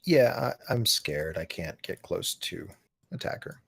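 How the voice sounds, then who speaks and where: A young man playing a tabletop game, animated and jokey, playing up his character's fear. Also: unhurried, creaky, slight background noise. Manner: animated, jokey, swoops in pitch. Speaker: player. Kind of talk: casual tabletop play.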